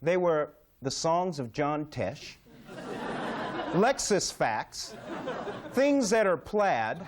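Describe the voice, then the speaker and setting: Wry, lively male commentator. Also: a little high, a crowd in the background. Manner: wry, pointed delivery with drawn-out pauses. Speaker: comic commentator. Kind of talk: comedy commentary.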